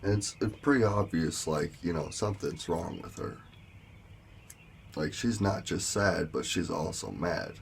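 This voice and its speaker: A man casually recounting a dream in a rambling, halting way, with many fillers. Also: deep voice, expressive, gravelly, slight background noise. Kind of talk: casual storytelling vlog.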